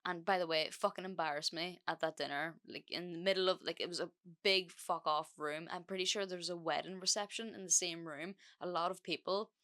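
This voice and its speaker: A woman's voice: fairly low pitch, fairly even intonation, fairly quick, few pauses, pushed and bright. A young woman hosting a podcast, telling a breakup story in a casual, frank way that is full of swearing and fillers. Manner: chatty, frank, swears freely, many fillers. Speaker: podcast host.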